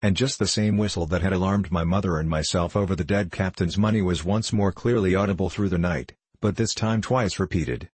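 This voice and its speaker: Man, audiobook narrator, low voice, husky, dry close sound. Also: fairly quick, few pauses, darkish tone, no room sound. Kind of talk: storybook reading.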